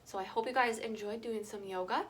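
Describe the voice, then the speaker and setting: Young woman, kids' yoga teacher, higher voice, encouraging, simple words. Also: fairly even intonation, fairly quick, a little hiss or hum. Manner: playful, encouraging, speaks simply to children. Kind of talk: guided kids' yoga lesson.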